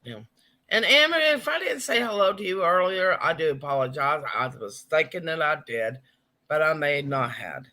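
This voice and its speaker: A man's voice: a little high, lively intonation, normal speed, pushed and bright. A man hosting a casual live stream, chatting and reading viewers' comments aloud.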